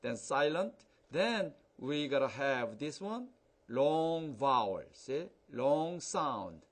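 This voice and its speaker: A male teacher drills phonics words one by one, very slow and deliberate. His pitch jumps up and down a lot as he coaxes the learners along. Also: big pitch swings. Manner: slow, repeats words, drawn-out examples. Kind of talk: English phonics lesson.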